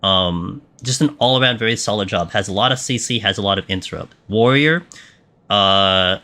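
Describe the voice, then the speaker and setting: A man's voice: lowish voice, moderate pace, sharp tone. A young man streaming a game live, chatting casually and answering viewer questions with lots of fillers. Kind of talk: live gameplay commentary.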